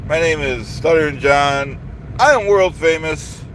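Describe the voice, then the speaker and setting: A man's voice: fairly high pitch, measured pace, noisy background. A man ranting on a live stream, boastful and indignant, repeating himself over and over.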